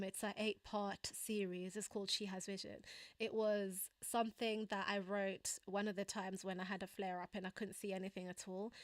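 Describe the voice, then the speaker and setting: A woman's voice: medium pitch, fairly bright tone, dry recording, clean studio sound. A young woman with a Kenyan accent hosting a casual live stream, chatty, laughing often and using lots of fillers as she answers viewers. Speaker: livestream host. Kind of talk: casual live chat reading viewer comments.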